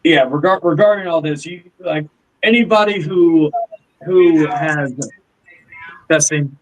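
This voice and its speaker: A man's voice: fairly high pitch, slow, rough recording. A man hosting a livestream call, pressing pointed questions while stumbling over and repeating his words. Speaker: livestream host. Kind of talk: heated livestream call discussion.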